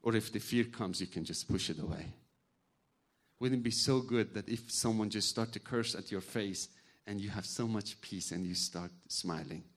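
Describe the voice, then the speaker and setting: A man's voice: on the low side, moderate pace. Man preaching. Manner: animated storytelling, acts out voices, non-native grammar. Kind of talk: sermon with personal stories.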